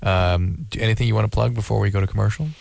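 A man hosting a call-in radio advice show, giving calm, clinical, matter-of-fact answers to callers. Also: lowish voice, fast talker, gravelly.

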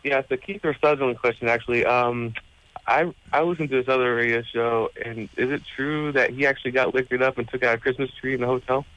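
A man in his twenties calling a radio show, friendly and halting. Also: medium pitch, steady tone, a bit bright. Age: 20s. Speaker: caller. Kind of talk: phone call to radio show. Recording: dull phone line.

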